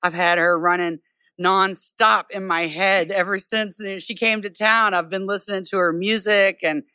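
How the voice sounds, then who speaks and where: Bright-voiced woman musician, easygoing chat. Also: medium pitch, steady tone, normal speed, smooth, dry recording. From United States. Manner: easygoing, enthusiastic, warm praise. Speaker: singer-songwriter guest. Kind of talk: casual interview chat. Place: on stage at a bar.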